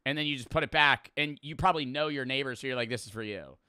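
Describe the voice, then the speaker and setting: A man's voice: fairly high pitch, fairly even intonation, fast, pushed and bright, clear, resonant tone, dry recording, studio quality. A man in his twenties, a streamer casually reacting to clips, rambling, swearing and laughing as he tells stories.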